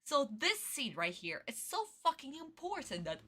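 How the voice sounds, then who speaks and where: A woman streamer giving excitable, foul-mouthed reaction commentary on a cartoon, talking close into her own microphone from bed. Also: high voice, moderate pace. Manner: excitable, swears freely, exaggerated outrage. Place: in bed at home. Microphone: own desk microphone, close.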